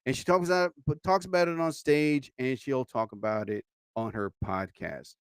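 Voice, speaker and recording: Man, live-show host, rambling casual monologue; clear, smooth voice, dry close sound. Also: medium pitch, moderate pace, no echo. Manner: rambling, chatty, many "you know" asides.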